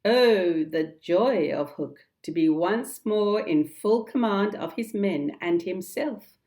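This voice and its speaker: A woman narrating a children's storybook in a calm, measured, deliberate reading. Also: mid-range voice. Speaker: storybook reader.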